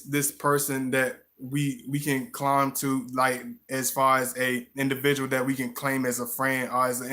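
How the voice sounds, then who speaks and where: A man's voice: medium pitch, fairly bright tone. A man hosting a casual live stream who rambles, restarts his words often, and greets viewers in the chat by name.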